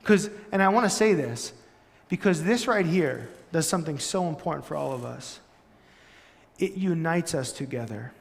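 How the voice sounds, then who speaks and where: A pastor giving a casual, storytelling sermon in a church, animated and full of "like" and "right?". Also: male voice, a little high, normal speed, gravelly. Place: church hall. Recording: long church-hall reverb.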